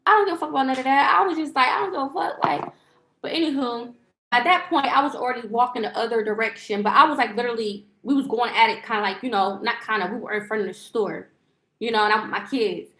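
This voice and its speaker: A woman with a fairly high voice tells a rambling storytime rant to her viewers. She curses freely and trips over fillers and restarts. The sound bounces around an echoey room. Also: quick pace, sharp tone. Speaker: lifestyle vlogger and livestreamer.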